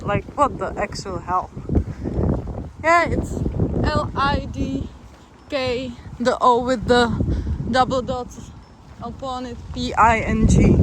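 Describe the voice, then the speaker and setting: A young adult long-distance hiker and vlogger walks beside a road in a windy town, talking to the camera in a chatty, easygoing, wry way. Her medium-pitched voice competes with wind and passing traffic in the background.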